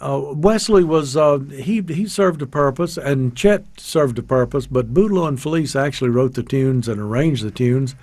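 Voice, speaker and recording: A man songwriter in an archive interview, hesitant and halting with fillers. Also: mid-range voice, darkish tone, dry recording.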